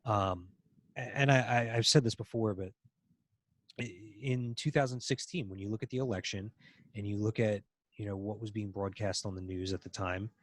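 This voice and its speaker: A man co-hosting a casual political chat, talking in halting stretches full of ums and restarts. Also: lowish voice, no echo, studio quality. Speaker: podcast co-host.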